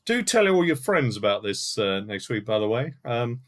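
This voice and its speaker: A man's voice: medium pitch, sing-song, moderate pace, a bit bright. A man hosting a live-streamed music quiz from home, reading out answers and scores with dry joking asides. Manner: chatty, with asides and dry jokes. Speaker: quiz host. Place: home room in front of a CD collection.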